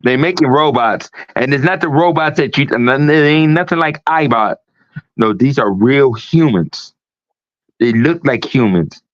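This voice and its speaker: On dull, lo-fi stream audio with no echo, a talk show host speaks a little slowly in an animated, medium-pitched voice. His livestream rant is emphatic and heavily profane.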